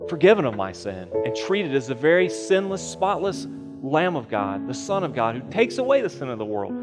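Pastor guy preaching, earnest and punchy, lots of repeats, big echoey church hall, soft music under it. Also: fairly high pitch, big pitch swings, moderate pace. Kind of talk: sermon. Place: church sanctuary.

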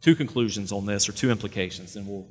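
A man's voice: on the low side, quick pace, darkish tone, husky. A middle-aged man preaching a sermon as a pastor, speaking conversationally, repeating words as he goes and building to emphatic points. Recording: long hall reverb.

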